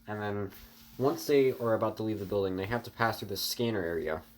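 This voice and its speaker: A man's voice: lowish voice, a little fast. A man casually narrating an improvised story, rambling with fillers and restarts and talking to his viewers. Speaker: online storyteller.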